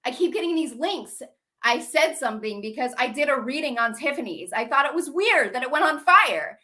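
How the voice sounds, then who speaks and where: A woman's voice: high voice, animated, moderate pace, pushed and bright. A young adult woman talking to her viewers in an agitated, repetitive rant full of swearing and rhetorical questions. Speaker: channel host. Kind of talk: emotional monologue to camera.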